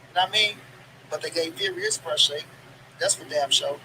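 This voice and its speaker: A man's voice: on the high side, fairly quick, poor audio. A man delivering boxing commentary as a casual rant, swearing and repeating his points for emphasis. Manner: profane, emphatic, repeats lines for stress. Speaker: boxing commentary channel host. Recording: clip with steady background noise.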